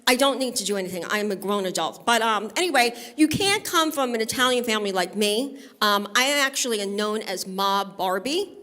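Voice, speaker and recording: A woman's voice: mid-range voice, lively intonation, moderate pace, bright, forceful tone. A woman from Brooklyn doing a stand-up comedy set on a studio stage, talking conversationally and bantering with the audience. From Brooklyn, New York. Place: live music studio stage.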